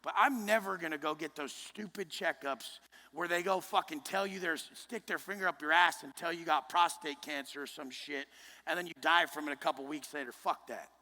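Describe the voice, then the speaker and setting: A fairly high-voiced man with a sharp, forceful tone delivers a blunt, swear-laden motivational speech to a live group, often rising to a shout. His voice carries a long reverb from a large indoor room. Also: normal speed. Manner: intense, blunt and heavily profane. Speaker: motivational speaker.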